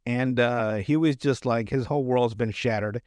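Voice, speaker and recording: Speaking a little slowly in a darkish, clean, medium-pitched voice, a podcast host casually recaps a TV episode, rambling with many fillers and restarts and laughing often. It's studio-quality audio without room sound.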